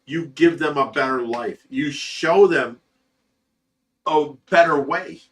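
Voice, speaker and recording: A man's voice: fairly high pitch, slow pace, recorded from a distance. A middle-aged man hosting a livestream, reading chat aloud and giving blunt, profane, earnest fatherly advice.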